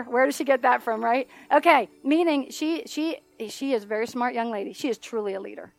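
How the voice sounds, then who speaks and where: A middle-aged woman minister telling a story in a sermon, animated and often laughing as she acts out the voices in it. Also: on the high side, a little fast, vocal fry, few pauses.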